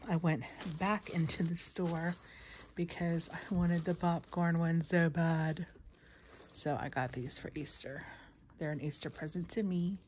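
A woman filming herself at home late at night, low-voiced and slow, sounding tired and a little out of breath. She rambles in casual chat and laughs between thoughts. Her phone picks up a faint background hum. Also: fairly even intonation, darkish tone. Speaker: vlogger showing a shopping haul. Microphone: phone camera.

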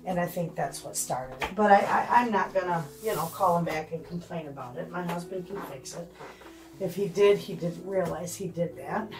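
A woman's voice: lowish voice, moderate pace, music in the background. An older woman vlogging casually from her home kitchen, chatting to her viewers as friends. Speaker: homestead vlogger.

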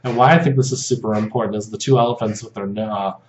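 A man giving a casual spoken lesson over slides, halting with many fillers and restarts, softening when he repeats short prayer phrases. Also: lowish voice, steady tone. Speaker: video host teaching about control dramas. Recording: dull lo-fi audio in a roomy space with faint hum.

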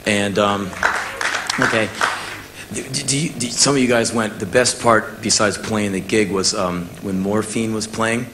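An American man in his thirties telling a spoken-word story, acting out the people in it with shouts and laughs. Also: lowish voice, a little slow, noisy background. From United States. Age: 30s. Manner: animated, acts out quotes with shouts and laughs. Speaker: musician telling a story on stage.

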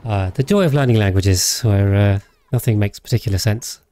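Here a male game streamer talks loosely over his gameplay, wandering from thought to thought and often stopping to hesitate or correct himself. He speaks at a normal speed in a warm, lowish voice.

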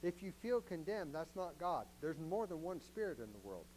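A man's voice: on the high side, sing-song, normal speed, darkish tone, a little hiss or hum, poor audio. A man preaching a sermon as a pastor, in a conversational, joking way and often asking the congregation questions.

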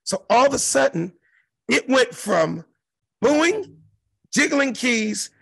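Brief: comedian in his fifties from South Central LA, animated and profane storyteller, high and gravelly, dry close sound. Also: takes it slowly, no room sound. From South Central Los Angeles. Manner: profane, animated, acts out the other voices. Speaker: comedian guest.

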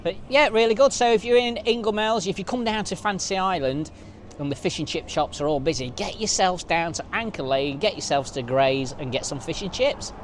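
A chatty man with a slightly high voice, vlogging casually to a handheld camera outdoors. He rambles with lots of filler words while faint street and traffic noise hums behind him. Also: brisk. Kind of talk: casual walking vlog. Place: outdoors at a seaside resort street.

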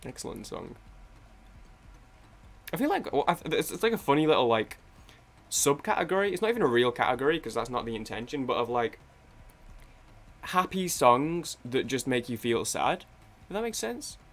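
A man's voice: medium pitch, big pitch swings, normal speed, long pauses, a bit bright. A young man rambling casually while playing a video game, swearing and often cutting himself off mid-sentence. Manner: rambling, self-interrupting, swears freely. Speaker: gaming YouTuber.

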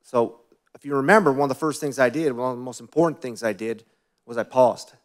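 Brief: male pastor, mid-pitched voice, relaxed storytelling sermon with questions to the congregation and quiet asides. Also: a little fast.

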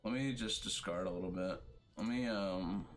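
A man with a fairly low voice narrates his online card game live, cursing freely and grumbling about every bad roll. His talk is loose and off the cuff, with faint game music running underneath. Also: moderate pace. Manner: profane, trash-talking, complains about bad luck. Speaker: streamer playing a card battle game. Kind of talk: casual gameplay commentary.

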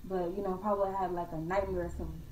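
A young woman casually telling a true ghost story to her viewers, slangy and animated, calling them y'all and acting out her own scared voice. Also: on the low side, rapid-fire, recorded from a distance, a little hiss or hum. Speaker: vlogger. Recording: echoey room from off-mic.

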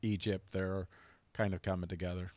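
A man hosting a political commentary chat, agreeable and energetic in manner. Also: deep voice, normal speed, dry recording, studio quality. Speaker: show host.

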